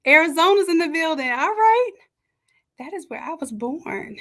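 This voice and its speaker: A woman hosting a live stream from a home setup, chatting and greeting each viewer warmly by name. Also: high-pitched, lively intonation, brisk. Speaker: livestream host and design coach. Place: home setup with makeshift camera stand. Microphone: camera on a stand.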